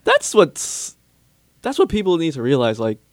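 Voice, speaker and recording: A young man talks in a loose, animated way and keeps slipping into quick impressions. His voice sits a little high. The sound is dry and close, with no room echo. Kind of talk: casual chat.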